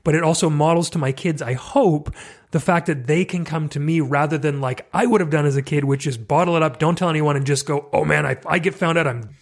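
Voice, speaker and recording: Candid Canadian man, fairly high voice. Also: fairly quick. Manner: candid and self-deprecating, animated asides. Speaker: podcast host. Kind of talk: casual conversation.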